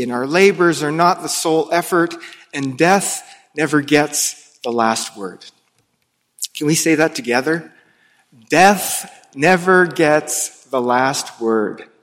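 A man preaching an Easter sermon as pastor of a church, telling the story slowly and dramatically with hushed pauses. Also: on the high side. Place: church sanctuary. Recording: long reverb of a large hall.

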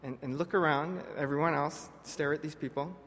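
A man preaching a sermon to his congregation, earnest and direct, often dropping soft on key words. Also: a little high, fairly even intonation, fairly quick, slight background noise. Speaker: pastor. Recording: long reverb of a large hall.

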